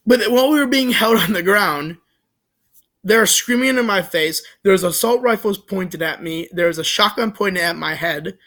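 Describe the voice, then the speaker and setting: A young man with a high voice tells a story in a loose, rambling way. He keeps restarting his sentences and filling pauses. His retelling is joking and animated. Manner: rambling, full of fillers and restarts. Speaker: vlogger. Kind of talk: casual storytelling.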